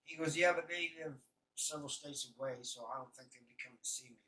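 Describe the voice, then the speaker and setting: A man telling prison stories in a rambling, halting way, full of fillers and restarts. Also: on the high side, sharp tone, far from the mic, poor audio. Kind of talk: casual storytelling.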